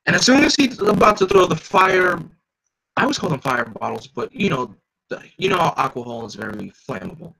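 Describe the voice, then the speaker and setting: Man, live comic reader, chatty asides, gravelly, husky. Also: a little high, very animated, fairly quick, sharp tone, rough recording. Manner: chatty, stops to comment and joke. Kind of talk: casual live comic reading with commentary.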